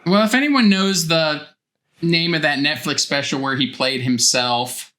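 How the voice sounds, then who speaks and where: A podcast host with a bright, forceful tone. The talk rambles with plenty of hesitation, and the host laughs along in a loose, casual chat. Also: mid-range voice, measured pace.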